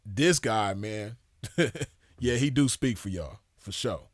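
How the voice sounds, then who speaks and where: A man's voice: lowish voice, slow pace, no echo, clean studio sound. A man giving casual commentary in a loose, drawling way, with a scornful edge.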